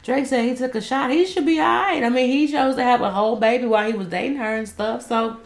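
A woman's voice: a little high, fast, creaky, a crowd in the background. A woman co-hosting a casual gossip chat, teasing and laughing a lot. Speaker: co-host. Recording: echoey room with faint noise.

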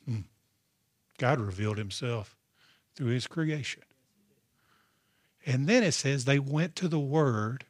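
Husky-voiced man preaching a sermon. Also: mid-range voice, no echo, studio quality. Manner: preaching with call-and-response asides. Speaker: pastor.

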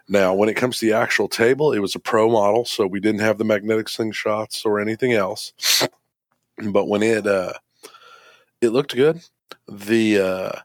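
A man's voice: on the low side, dry recording. A man co-hosting a podcast, talking enthusiastically in casual chat, with many fillers and restarts. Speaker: podcast co-host.

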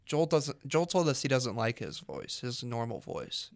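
A man's voice: medium pitch, very animated, gravelly, dry recording. A man co-hosting a radio comedy show, bantering and teasing playfully. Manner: teasing, playful, quick to laugh.

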